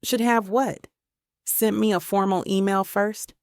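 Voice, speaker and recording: A woman voicing a sharp-tongued young woman romance author with a Southern accent, snapping sarcastic retorts. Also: medium pitch, fairly even intonation, measured pace, clear, resonant tone, no echo, studio quality, lightly acted. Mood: angry.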